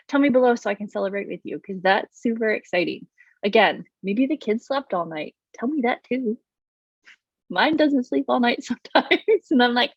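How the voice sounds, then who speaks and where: A woman in her thirties hosting her own vlog as a business coach, talking to camera in a bubbly, animated way with playful exaggerated voices. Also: fairly high pitch, normal speed, dry recording, muffled recording. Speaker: business coach and channel host. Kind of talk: upbeat direct-to-camera vlog.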